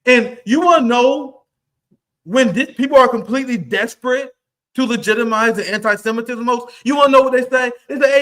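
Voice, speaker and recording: A man's voice: very high-pitched, brisk, a bit bright. A man hosting a livestream, delivering angry, profane commentary in a heated rant. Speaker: livestream host.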